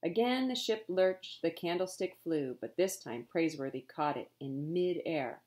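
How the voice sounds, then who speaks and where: A woman reads a children's novel aloud with an expressive, storytelling delivery. Her voice sits low, and she pauses to explain words along the way. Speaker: reader.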